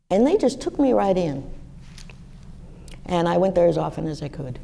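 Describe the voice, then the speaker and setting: A woman in her sixties telling personal stories to a live audience in a lively, animated way. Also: normal speed, creaky, long pauses. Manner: lively, animated storytelling with wide pitch swings. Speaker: guest speaker. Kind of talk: storytelling talk to a live audience.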